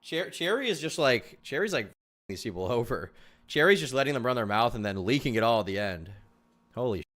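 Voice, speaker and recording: A man's voice: mid-range voice, very animated, brisk, a bit bright. A young man streaming live, reacting to a video with mocking laughter and swearing rants aimed at the people in it.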